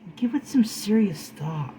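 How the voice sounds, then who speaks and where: A man's voice: high voice, lively intonation, a little slow, warm tone, slight background noise, low-quality recording. A man giving an earnest, pleading talk to camera, calling his viewers guys and preaching kindness. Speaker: spiritual video host.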